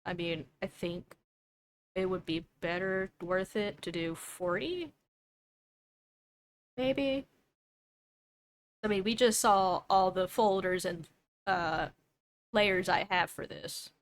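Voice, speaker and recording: A woman's voice: on the low side, slow, long pauses. A young woman streamer chatting casually while she draws, thinking aloud and doubting herself as she goes. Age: young adult.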